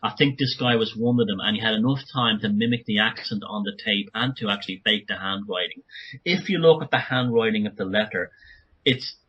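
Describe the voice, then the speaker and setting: A man talking as a guest author on a podcast interview, speaking urgently in rapid bursts with many restarts. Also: fairly low pitch, slightly rough, dull audio.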